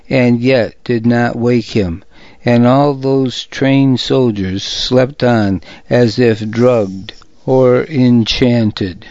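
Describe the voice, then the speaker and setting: A man narrating a story in the first person, steady and deliberate. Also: medium pitch, dry recording. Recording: dull, dry recording.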